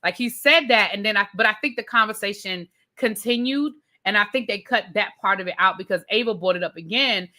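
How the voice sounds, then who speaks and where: A woman hosts a casual live review of a TV show and talks straight to her viewers. Her voice is bright and forward. She retells scenes in an animated, informal way, stumbling through restarts and fillers. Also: medium pitch, a little fast, few pauses. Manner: informal, addresses viewers as y'all. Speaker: TV review host. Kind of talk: casual live recap rant.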